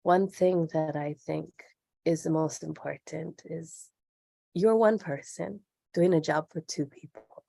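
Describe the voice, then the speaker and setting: A woman's voice: low voice, measured pace, gravelly, mellow, dry recording. A middle-aged woman speaking as a podcast guest, earnest and reflective as she talks openly. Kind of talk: candid interview conversation.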